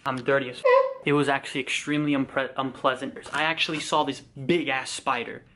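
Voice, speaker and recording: A young adult man, an actor and vlogger, telling a story in an excited, chatty way, full of fillers and casual swearing. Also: medium pitch, brisk, a little hiss or hum.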